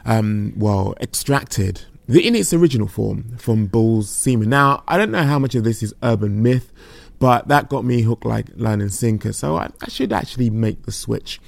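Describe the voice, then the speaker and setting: A man hosting a casual podcast, chatty and a little tired, with a relaxed, self-deprecating manner. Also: mid-range voice, moderate pace, vocal fry, no room sound. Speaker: podcast host.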